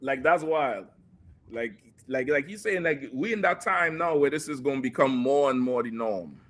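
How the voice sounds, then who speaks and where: A man talking casually on a discussion panel, animated, swearing freely and laughing often. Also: medium pitch, normal speed. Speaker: show panelist.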